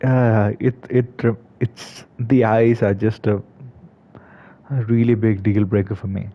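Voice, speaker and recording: A man's voice: fairly low pitch, little pitch movement, takes it slowly. A man giving casual commentary on a game, hesitant, with many fillers and restarts. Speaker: gaming video creator. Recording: slightly dull lo-fi recording.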